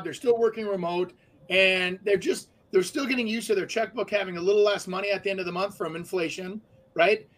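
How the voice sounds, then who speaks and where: A man's voice: high voice, a bit bright, low-quality recording. A man co-hosting a casual real estate talk, chatty with many fillers and restarts. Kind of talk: casual chat.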